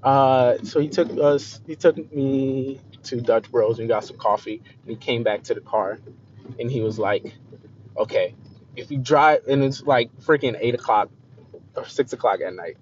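A young man telling a personal story in a confessional way, repeating himself and often trailing off softly, on a dull lo-fi recording. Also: mid-range voice, normal speed. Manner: emotional, repeats phrases, voice trails off quieter. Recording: slightly dull lo-fi recording with faint noise.

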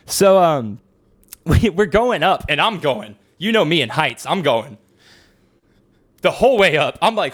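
A young man with a fairly high voice tells a story in loose, casual chat. He swears freely and laughs often as he talks. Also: very animated, measured pace.

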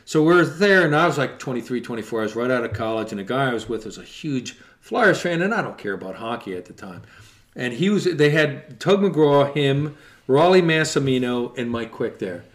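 A man's voice: medium pitch, lively intonation, normal speed. A middle-aged man from Boston, rambling and profane as he tells sports stories in casual podcast talk. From Boston area.

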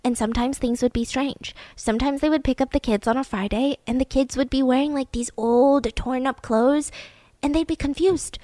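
A woman's voice: high-pitched, brisk, no echo. A woman hosting a podcast, telling a true-crime story in a chatty, casual way and acting out quotes. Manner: chatty, acts out quotes, lots of "like". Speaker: podcast host.

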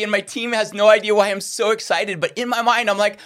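High-voiced man preaching with animated storytelling. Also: brisk. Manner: animated, acts out quoted voices. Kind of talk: sermon storytelling.

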